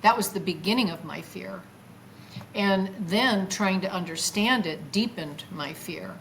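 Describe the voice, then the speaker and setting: An older woman, a guest, tells her own story with feeling and acts out her past words in a lively voice. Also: medium pitch, unhurried, gravelly, a little hiss or hum, rough recording. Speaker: guest recounting a near-death experience. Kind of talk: emotional first-person storytelling.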